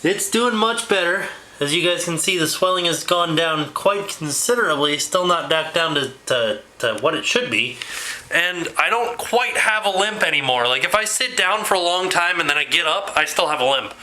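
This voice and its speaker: A man talking in a rambling, animated way in a casual home video blog, quick to laugh. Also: fairly high pitch, low-quality recording. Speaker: vlogger. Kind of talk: casual vlog chat.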